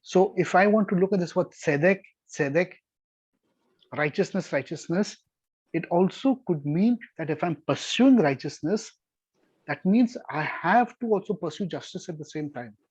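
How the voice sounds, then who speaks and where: Brief: middle-aged male Bible teacher, husky and a touch high, earnest and repetitive, dry dull lo-fi sound. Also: moderate pace, a little mellow, dry recording. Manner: earnest, repeats key words for emphasis. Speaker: Torah teacher. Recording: dull lo-fi recording.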